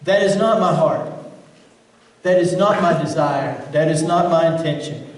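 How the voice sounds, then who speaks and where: An earnest male pastor preaches to his congregation, pressing his points home with pointed rhetorical questions. His slightly high voice carries through a big, echoey church hall, picked up from some distance away with a long reverb trailing each phrase. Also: unhurried. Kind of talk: sermon. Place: church sanctuary.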